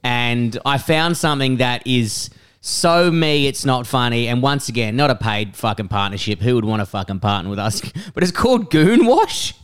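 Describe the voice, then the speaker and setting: A young man co-hosting a casual podcast, telling animated, sweary stories. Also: mid-range voice, normal speed, smooth. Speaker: podcast co-host. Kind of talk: casual chat.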